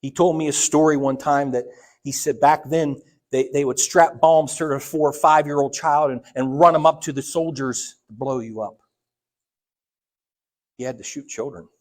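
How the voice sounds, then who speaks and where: A middle-aged church elder from Ohio preaches a sermon in a slightly high voice with fairly even intonation at normal speed. He tells personal stories conversationally, restarting often and acting out quoted voices.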